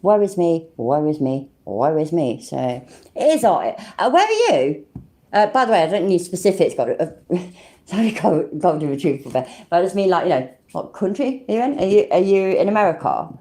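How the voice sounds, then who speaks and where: Low-voiced, sweary British woman streaming. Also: big pitch swings, brisk, warm tone. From Britain. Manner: chatty, swears freely, laughs often. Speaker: livestream host. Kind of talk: casual livestream chat.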